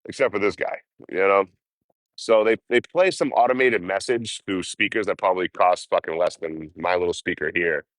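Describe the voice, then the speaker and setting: Deep-voiced profane man telling road stories. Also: moderate pace, no echo. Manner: profane, animated storytelling. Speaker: hitchhiking livestreamer. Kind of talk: casual storytelling on a livestream.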